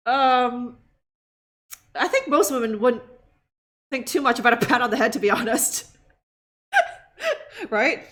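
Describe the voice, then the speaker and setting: A woman streamer reacts to a game with loud, sarcastic commentary, laughing often and tacking "huh?" onto her lines. Her voice sits a little high and leaps up and down. She swears freely. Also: big pitch swings, slow, pauses often. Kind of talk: live gameplay commentary.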